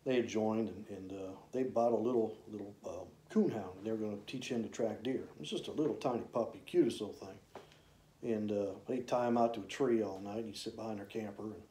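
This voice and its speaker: A man, casually telling rambling, folksy stories about his old hunting camps, with drawn-out "uh" fillers. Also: fairly low pitch, warm tone, a little hiss or hum. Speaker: hunter reminiscing. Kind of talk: casual storytelling. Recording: roomy echo.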